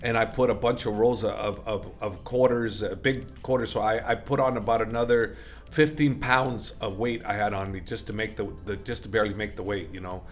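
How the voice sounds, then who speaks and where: Middle-aged man, lowish voice, casual rambling storyteller, lots of fillers and self-corrections; interview guest. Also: fairly even intonation, brisk, faint music behind. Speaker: interview guest, MMA coach.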